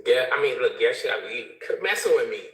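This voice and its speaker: A man joining an online panel chat as a guest, telling stories in an excitable, rambling way. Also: medium pitch, fast, roomy sound, a little hiss or hum, low-quality recording.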